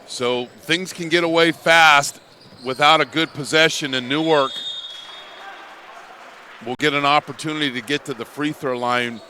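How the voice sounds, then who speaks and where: Man, 50s, basketball color analyst, bright tone, explains like a coach. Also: on the high side, fairly even intonation, unhurried, slight background noise. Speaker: color commentator.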